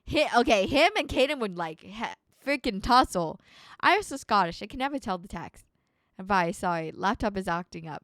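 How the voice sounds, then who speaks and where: A bubbly young woman streaming a game, giggling and chatting excitedly as she plays. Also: medium pitch, normal speed, no echo. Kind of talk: casual gaming commentary. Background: background music.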